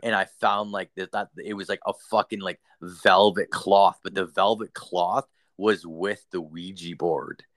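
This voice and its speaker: A young man with a very deep voice tells a ghost story in casual chat. He rambles, swears freely and leans on fillers. The sound is dry and close. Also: fairly even intonation, unhurried, hardly any pauses, fairly bright tone, dry recording. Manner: profane, rambling, filler-heavy. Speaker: storyteller guest.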